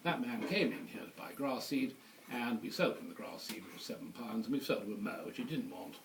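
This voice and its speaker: A man's voice: medium pitch, animated, fairly quick, creaky. A man playing a persuasive older male shopkeeper in a told joke, with easy salesman's patter. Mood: pleased boss. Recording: distant voice, noisy dinner table.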